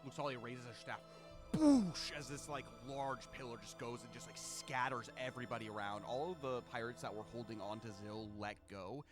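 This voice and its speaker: A man narrating a tabletop game as game master, in loose, filler-heavy description with bursts of shouted sound effects. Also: mid-range voice, fairly even intonation, fairly quick, hardly any pauses, music in the background.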